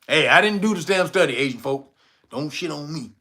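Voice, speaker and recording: High, bright, profane man laughing with chat. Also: expressive, fairly quick, slight background noise. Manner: loud, profane, laughs often, reacts to viewer comments. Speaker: livestream host reading chat. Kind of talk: casual livestream commentary.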